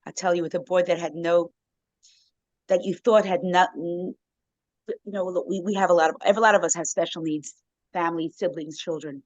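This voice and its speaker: A woman's voice: fairly low pitch, fairly even intonation, a little fast, no echo, lo-fi sound. Heartfelt woman telling a story, dry sound. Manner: heartfelt, tells a story with quoted voices, softens to near-whisper at the end. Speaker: guest speaker. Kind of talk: emotional storytelling talk.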